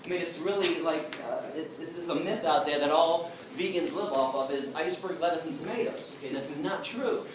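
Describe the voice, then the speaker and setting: A middle-aged man giving an impassioned, emphatic talk to a crowd, telling his story. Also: sits high. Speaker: activist speaker. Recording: distant echoey room with noise.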